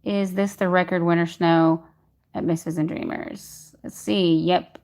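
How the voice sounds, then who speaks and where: A woman's voice: fairly low pitch, steady tone, a little slow, gravelly, darkish tone. A woman hosting a casual livestream from home, greeting viewers by name and reading their comments aloud. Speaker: livestream host reading chat. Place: home in Texas during a power outage.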